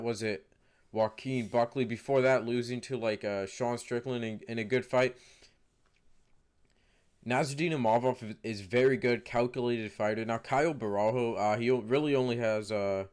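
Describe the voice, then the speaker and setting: A man casually talking through fight predictions to camera in a rambling way. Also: medium pitch. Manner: rambling, many fillers and restarts. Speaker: MMA fight predictions vlogger.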